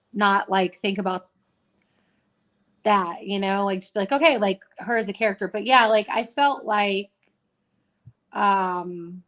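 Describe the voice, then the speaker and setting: A woman in her thirties talks through her thoughts on a novel in a relaxed, rambling way. She circles back often and leans on fillers as she goes. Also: medium pitch. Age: 30s. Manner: rambling, many fillers and restarts. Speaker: co-host. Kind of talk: casual book chat.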